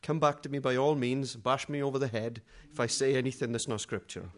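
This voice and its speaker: A middle-aged man preaching a sermon in a conversational, humorous way, moving between quiet asides and loud dramatic readings. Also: mid-range voice, fairly even intonation, quick pace.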